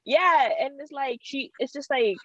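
A woman's voice: sits high, a little slow, pushed and bright. A woman in casual chat, talking bluntly and swearing freely. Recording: dry, dull lo-fi sound.

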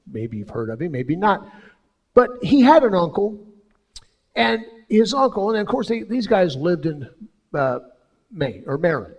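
A man preaching a sermon as pastor, telling stories with sudden swings between loud and soft. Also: high voice, big pitch swings, a little slow, pauses often.

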